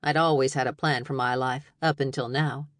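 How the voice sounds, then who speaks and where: Dry, expressive woman narrating an audiobook. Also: rumbling low, normal speed, no echo. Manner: expressive, wry storytelling. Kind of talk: first-person audiobook narration.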